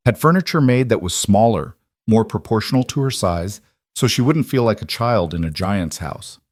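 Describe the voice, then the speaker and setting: A man narrating a story in a steady, measured reading. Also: lowish voice, dry recording, studio quality.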